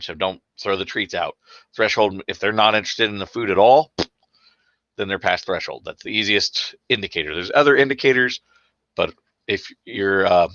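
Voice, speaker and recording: A man answering viewers' dog-training questions on a live stream, relaxed and chatty with many fillers and restarts. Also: dry recording. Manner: acts out excited dogs with sudden high squeals. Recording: dull, slightly lo-fi stream audio.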